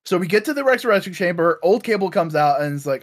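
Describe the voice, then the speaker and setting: A man casually recapping comic storylines, acting out characters in quick bits and swearing freely. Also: high-pitched, expressive. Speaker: podcast co-host recapping comics. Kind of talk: casual chat.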